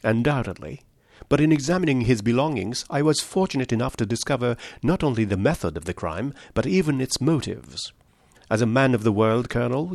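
A man reading a story aloud, voicing a shrewd male detective who lays out his deductions in a measured, precise way. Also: mid-range voice, gravelly, no room sound, clean studio sound.

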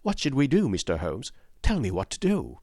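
A man's voice: medium pitch, huge pitch swings, moderate pace, a little mellow, husky, no room sound, clean studio sound, voice pushed up. A man voicing an anxious young male clerk who pleads for help in a storybook reading. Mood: agitated.

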